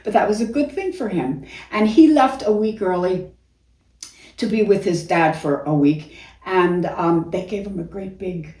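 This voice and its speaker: Speaking a little slowly at medium pitch, an older woman, an actress and singer appearing as a guest, swaps theater stories in an easy interview, laughing warmly as she goes. The room has a roomy echo, and she sits slightly distant from the mic.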